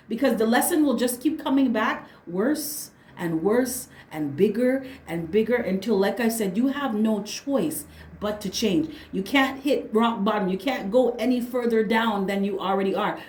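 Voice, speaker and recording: A woman with a fairly high voice does a casual tarot reading, talking bluntly in slang and swearing without a second thought. She drives each point home with a quick "right?" or "okay?". The sound is roomy, with a noticeable echo off the walls. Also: darkish tone. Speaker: tarot reader.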